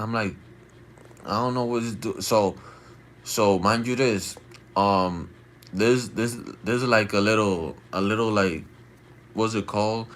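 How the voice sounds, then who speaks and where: A man telling a rambling late-night story on his stream in loose slang, often checking in with his listeners and acting out loud shouted quotes. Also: on the low side, unhurried, long pauses. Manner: slangy and rambling, keeps asking "you feel me".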